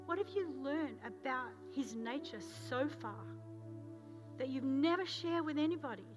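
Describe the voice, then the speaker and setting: A woman's voice: sits high, lively intonation, normal speed, highs cut off, over music. Australian woman pastor preaching with passion. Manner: storytelling, swings from loud urgency to hushed intensity. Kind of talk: sermon.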